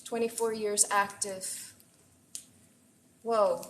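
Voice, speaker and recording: A woman chef hosting a casual live cooking stream, chatty and excitable as she greets viewers from her kitchen. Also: medium pitch, very slow, a little hiss or hum, low-quality recording. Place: home kitchen. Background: faint frying and sizzling.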